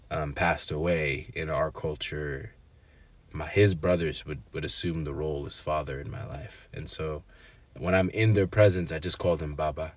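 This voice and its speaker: A young man with a low, deep voice talks through a personal story on his own podcast. He is hesitant and candid, with frequent ums and restarts as he gathers his thoughts. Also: no echo. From Zimbabwean family. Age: 20s. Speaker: podcast host. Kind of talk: reflective solo podcast talk.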